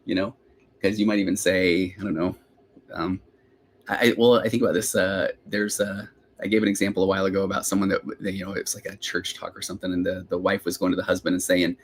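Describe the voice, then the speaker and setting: Middle-aged man, lowish voice, quick rambling therapist host on a live Q&A podcast. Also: flat delivery, a little hiss or hum. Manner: rambling, self-interrupting, chatty.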